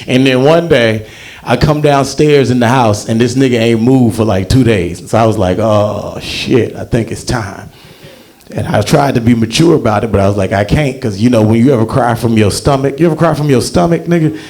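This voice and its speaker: A man's voice: brisk, a little mellow. A young man performing a stand-up comedy set on stage, telling a profane story and acting out the voices in it. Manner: profane, storytelling, acts out quotes with big pitch jumps. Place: comedy show in a library.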